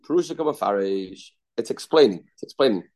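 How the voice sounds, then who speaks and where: A man's voice: on the low side, expressive, brisk, darkish tone. A man teaching a Talmud lesson, repeating phrases and thinking aloud as he works through the text. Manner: repetitive, thinking aloud, mixing Aramaic terms into English.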